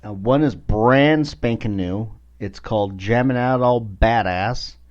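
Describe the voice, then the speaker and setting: On his own podcast, a man with a lowish, slightly mellow voice speaks slowly. His casual monologue rambles, swears and is packed with fillers, and the recording sounds dull and lo-fi.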